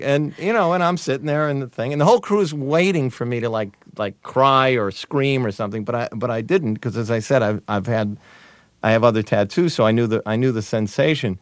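Halting, amused man telling stories. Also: mid-range voice, dry recording, clean studio sound. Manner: halting, many restarts and "you know"s, amused. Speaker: guest, TV writer and producer. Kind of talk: conversational interview storytelling.

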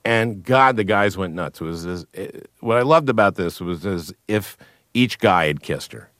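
A man, a guest comedian, telling anecdotes in a radio interview, with halting restarts and chuckles. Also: low voice, lively intonation, fairly bright tone, no room sound, studio quality.

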